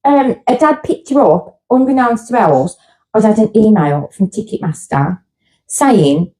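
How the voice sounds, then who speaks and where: A woman's voice: mid-range voice, lively intonation, a little slow, dark tone, low-quality recording. A middle-aged woman, co-hosting a podcast and gushing through a story in casual chat. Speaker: podcast co-host.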